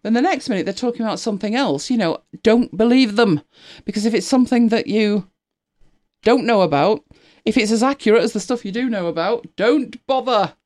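A middle-aged woman hosts a casual live stream and chats freely with her viewers. Her pitch swings widely, rising and dipping as she talks. She laughs often and greets people by name while she hunts for pictures. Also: lively intonation, brisk, darkish tone.

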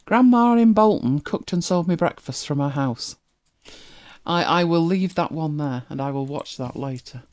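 Reacting to videos for viewers, this northern English streamer talks casually in a softened regional accent, thinking out loud and laughing a lot. The voice is medium-pitched and animated, at a moderate pace.

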